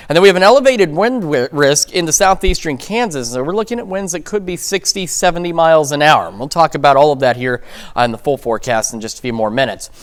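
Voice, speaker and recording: Upbeat male TV weatherman, slightly high voice. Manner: casual, joking, conversational. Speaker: meteorologist. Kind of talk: TV weather forecast.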